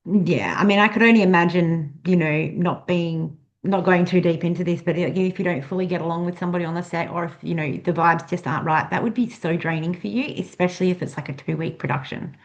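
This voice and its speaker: Female interviewer, chatty and affirming, lowish voice, dull recording. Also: fast, hardly any pauses. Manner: warm-up chatter, affirming fillers, filler-heavy questions. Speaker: interviewer host. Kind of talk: casual interview chat.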